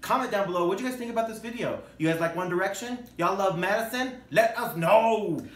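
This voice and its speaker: A man's voice: high voice, fast. A young man hosting a casual unboxing vlog, playful and campy, laughing often between lines. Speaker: YouTube host. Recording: echoey room with faint noise.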